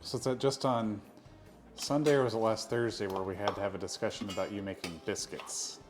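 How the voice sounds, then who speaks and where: A man's voice: lowish voice, fairly even intonation, fairly quick, faint music behind. A man bantering and teasing in casual chat on a cooking stream. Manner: teasing, joking. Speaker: co-host chatting on a cooking stream.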